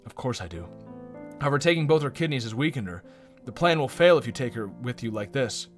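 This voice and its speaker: A man voicing a calm, secretive male doctor in a flat, measured way. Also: mid-range voice, faint music behind, natural voice.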